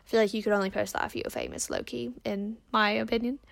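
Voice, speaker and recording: A woman's voice: mid-range voice, steady tone, fast, gravelly. A woman hosting a casual advice podcast, chatting in a rambling way with lots of fillers. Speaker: podcast host.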